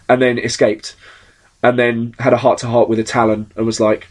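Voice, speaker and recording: A man hosting a podcast, chatting casually about comic books, animated and swearing often as he acts out characters' lines. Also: mid-range voice, a little fast. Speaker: podcast host. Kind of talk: casual comic book chat.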